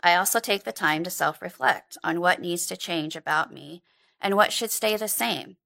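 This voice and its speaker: A woman reading a personal faith testimony in a calm, measured, devotional way, slightly gravelly. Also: lowish voice. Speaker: church member reading a personal reflection.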